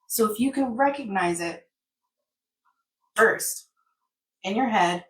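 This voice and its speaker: A woman's voice: medium pitch, expressive, slow, long pauses, fairly bright tone, recorded from a distance. A woman in casual wellness chat who rambles and acts out everyday scenarios. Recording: echoey room, off-mic.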